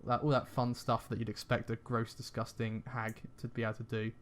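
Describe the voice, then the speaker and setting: A man co-hosting a casual discussion of a tabletop game, talking fast and rambling with many restarts. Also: medium pitch, little pitch movement, crowd noise. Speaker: podcast co-host.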